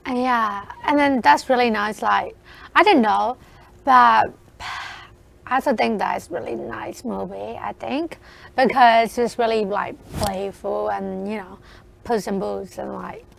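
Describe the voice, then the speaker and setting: A woman co-hosting a radio show, talking about a film in a hesitant, halting way full of "you know" and "like". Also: fairly high pitch, fairly even intonation, gravelly, slight background noise. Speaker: radio co-host. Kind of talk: casual film review chat.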